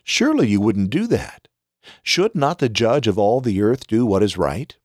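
A man's voice: lowish voice, big pitch swings, moderate pace, darkish tone, no room sound, studio quality. A man reading the part of an elderly patriarch in scripture, earnest and imploring. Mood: pleading. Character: pleading elderly male patriarch bargaining.

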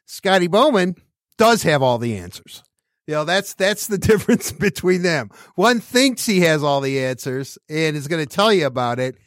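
A man with a fairly high voice hosts a casual sports podcast. He rambles and restarts his sentences often, and the sound is dry and close. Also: sing-song, normal speed, a bit bright, dry recording. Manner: rambling, many restarts, laughs while talking. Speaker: podcast host.

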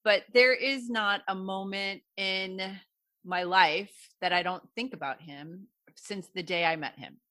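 A woman's voice: mid-range voice, bright, forceful tone, no echo. A woman hosting a chat show who gushes with emotion and laughs easily while introducing an old friend. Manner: gushing, effusive, quick to laugh. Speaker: podcast host. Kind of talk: emotional, warm-hearted chat.

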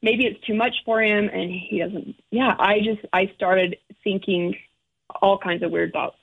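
A middle-aged woman, a guest, telling an emotional personal story in halting, restarting speech. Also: medium pitch, steady tone, creaky, breathy edge. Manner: halting, restarts often, acts out quoted relatives. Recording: phone-like narrow sound.

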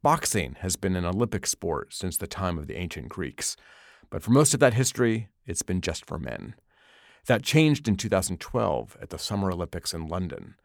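Deep-voiced man hosting a radio show. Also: creaky, no room sound, studio quality. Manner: measured, even storytelling. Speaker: radio documentary host. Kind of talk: scripted radio narration.

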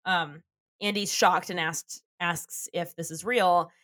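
Woman podcast co-host, low voice, casual swearing, dry close sound. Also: fairly even intonation, slow, fairly bright tone, dry recording. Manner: chatty, laughs often, swears casually. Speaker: podcast co-host recapping a TV episode. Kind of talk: casual chat.

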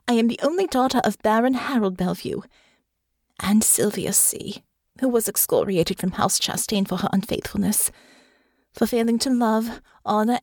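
A woman voicing a stubborn, frustrated young noblewoman who sounds high and indignant. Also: a little mellow, no echo, studio quality.

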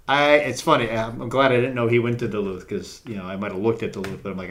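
A man's voice: mid-range voice, steady tone, quick pace, a bit bright, a little hiss or hum. A man co-hosting a casual podcast, telling anecdotes with frequent hesitations and fillers. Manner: hesitant, many fillers, storytelling. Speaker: podcast co-host.

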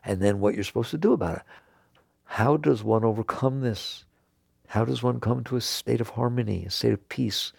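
Gravelly man giving a spiritual talk. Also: a little mellow, no room sound, studio quality. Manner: earnest, laughs and jumps high when emphatic. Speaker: spiritual teacher.

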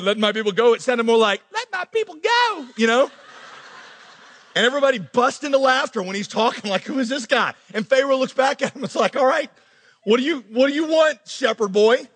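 A male pastor preaching a sermon, animated, acting out quoted characters as he goes. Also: very high voice, big-room sound.

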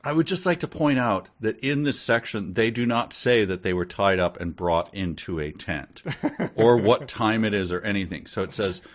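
Amused man with a low, lively voice. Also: normal speed. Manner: amused, laughs often, mock-reads lines. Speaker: podcast co-host. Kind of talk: casual chat reviewing a book.

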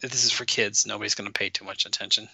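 A man's voice: fairly low pitch, steady tone, fast, gravelly, bright, forceful tone, breathy edge, no echo. A man co-hosting a casual podcast chat, rambling through jokey asides. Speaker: podcast co-host.

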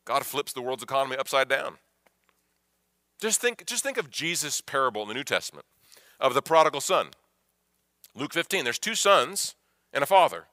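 A man preaching a sermon as pastor, emphatic, repeating phrases and swinging from hushed to loud. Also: medium pitch, sing-song, moderate pace, long pauses, no echo, clean studio sound.

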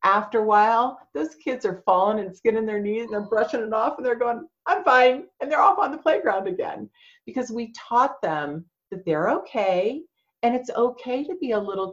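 A woman speech language pathologist, a guest on a podcast, explaining advice to parents in an expressive, warm way. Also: mid-range voice, dull audio. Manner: warm, expressive explainer who acts out quoted voices.

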